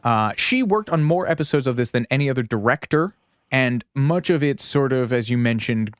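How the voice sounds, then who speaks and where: A man's voice: mid-range voice, animated, moderate pace, clean tone, dry recording. A man co-hosting a podcast in casual chat, rambling and riffing with lots of "like" and some swearing. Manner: laughs at his own jokes. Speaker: podcast co-host.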